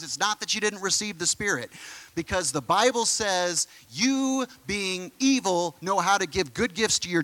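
A man preaching a sermon as pastor, in a casual, conversational way with quick asides, in a church sanctuary. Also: high-pitched, pushed and bright, poor audio. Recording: music behind the voice. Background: music playing.

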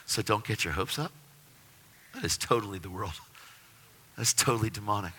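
A man giving an animated personal faith testimony, telling his story with excitement. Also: fairly low pitch, moderate pace, slight background noise. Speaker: testimony speaker.

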